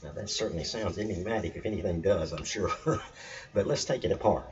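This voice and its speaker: A man's voice: deep voice, brisk, darkish tone, distant mic. A man teaching about scripture in an earnest, emphatic way that repeats its points. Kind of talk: spiritual teaching talk. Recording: dull lo-fi sound, mic set back.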